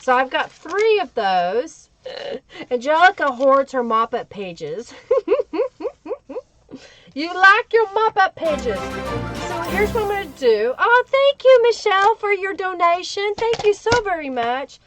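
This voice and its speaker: High-voiced chatty woman crafter. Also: very animated, takes it slowly, long pauses, a bit bright, faint music behind. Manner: chatty, greets chat viewers by name. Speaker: crafting livestream host. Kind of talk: live crafting tutorial. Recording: dull lo-fi livestream audio.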